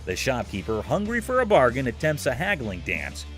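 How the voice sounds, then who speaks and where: A man's voice: mid-range voice, wildly swooping pitch, moderate pace, fairly bright tone, faint music behind. A man narrating a show recap in a scripted, playful, jokey storytelling manner.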